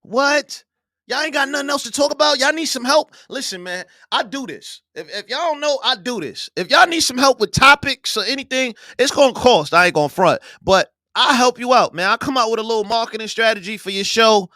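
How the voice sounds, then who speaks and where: A man hosting a live online show, ranting loudly and profanely with bursts of yelling. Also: very high-pitched, brisk, no echo, studio quality. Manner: loud, profane, animated, yelling at times. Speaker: podcast host. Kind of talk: heated live-stream rant.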